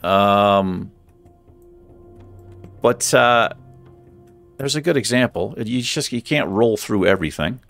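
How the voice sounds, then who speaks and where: A man's voice: on the low side, animated, takes it slowly, creaky, pauses often, a bit bright, soft background music. A man hosting a let's play, chatting casually and thinking aloud with a self-deprecating streak as he plays. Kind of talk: casual gameplay commentary.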